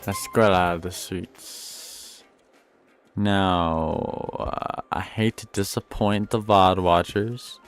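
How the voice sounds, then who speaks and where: A man's voice: low-pitched, fairly even intonation, very slow, faint music behind. A male streamer chatting offhand and rambling, with profanity, between game clips. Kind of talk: casual live-stream chat.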